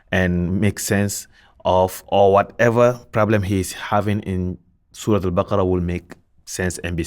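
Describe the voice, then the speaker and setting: A man teaching Quran recitation rules, patiently repeating points, asking and answering his own questions, and chanting verses as examples. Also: low voice.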